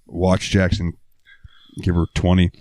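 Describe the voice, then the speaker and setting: A man's voice: low voice, completely flat delivery, measured pace, a little mellow, a little hiss or hum. A young man hosting a podcast, telling a story in a rambling, profane, casual way. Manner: rambling, profane, lots of fillers. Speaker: podcast host.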